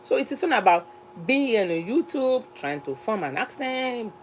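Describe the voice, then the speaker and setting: A woman's voice: fairly high pitch, very animated, moderate pace, a little hiss or hum, rough recording. A Nigerian woman who hosts a cooking channel, talking earnestly to her viewers, often repeating herself and restarting phrases. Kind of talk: casual talk to camera.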